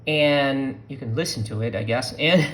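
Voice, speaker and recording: A Portuguese speaker from Brazil, teaching a slow language lesson and patiently repeating words for learners to copy. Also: mid-range voice, a bit bright.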